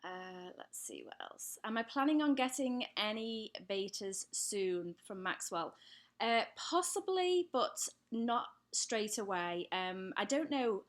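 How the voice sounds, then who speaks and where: A woman's voice: medium pitch, lively intonation, slow pace. A woman with an English accent hosting a live stream, chatting as she reads out viewer comments and answers them. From England. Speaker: pet channel host. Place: home, lit by daylight.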